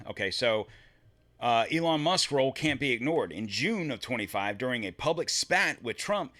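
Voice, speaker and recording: A man's voice: mid-range voice, pushed and bright. A man hosting a solo political commentary show, reading from his script and breaking off to mutter and swear in frustration.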